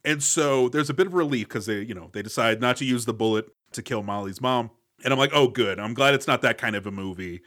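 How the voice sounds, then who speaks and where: A man's voice: medium pitch, fast, hardly any pauses, a bit bright. A man co-hosting a movie podcast, telling stories with wry enthusiasm. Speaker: podcast co-host. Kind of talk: casual movie discussion.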